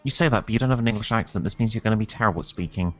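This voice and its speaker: A man's voice: fairly low pitch, racing, muffled recording, soft background music. A man in casual podcast chat, teasing others with mock-posh remarks. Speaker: podcast panelist.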